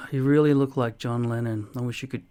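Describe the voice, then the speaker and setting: A man in his forties reading out viewer comments and answering them in a dry, deadpan way, with plenty of swearing. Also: medium pitch, moderate pace, smooth. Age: 40s. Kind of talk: casual comment-reply vlog.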